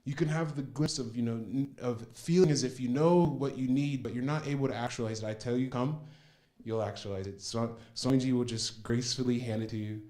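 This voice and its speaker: A man's voice: mid-range voice, brisk, dark tone. Earnest man giving a heartfelt testimony. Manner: earnest and heartfelt, with frequent restarts and fillers. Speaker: program participant giving a testimonial. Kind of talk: personal testimony.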